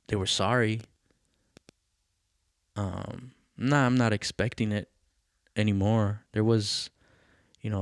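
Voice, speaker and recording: A man's voice: lowish voice, no echo, studio quality. A man hosting a podcast, telling a personal story in a candid, rambling way, full of fillers and swearing. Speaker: podcast host.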